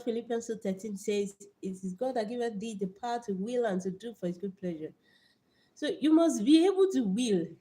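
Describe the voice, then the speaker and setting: A young Nigerian woman hosts a livestreamed motivational talk built around Bible verses, speaking with a Nigerian accent in a mid-range voice. She's lively, repeats her words, and greets viewers by name.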